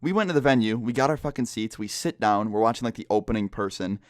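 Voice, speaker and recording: Talking fast but quietly, a young man tells a story on his vlog inside a room with people next door, cursing freely and using plenty of filler words. His fairly low voice is expressive, and the recording is dry and studio quality.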